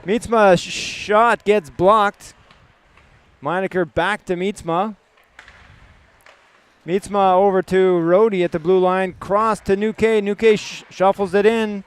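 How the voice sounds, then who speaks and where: Play-by-play hockey caller, male, from Canada, smooth tone. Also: sits high, steady tone. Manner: rapid clipped puck-by-puck calls. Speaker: play-by-play commentator.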